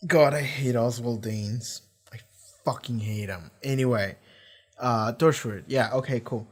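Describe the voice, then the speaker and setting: A man's voice: mid-range voice, measured pace, faint music behind. A man hosting a TV reaction video, chatting casually and profanely, often acting out scenes in goofy voices.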